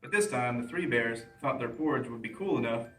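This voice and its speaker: A man, a police officer, reading a children's bedtime story aloud in a plain, steady way. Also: medium pitch, a little fast, soft background music. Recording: roomy echo, mic at a distance.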